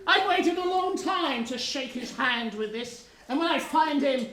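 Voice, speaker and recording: A woman's voice: high-pitched, animated, a little slow, fairly bright tone. A woman playing a boastful, villainous male pirate captain in an amateur pantomime, gloating and theatrical. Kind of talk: amateur pantomime stage acting. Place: village hall stage. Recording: echoey hall from far off, audience.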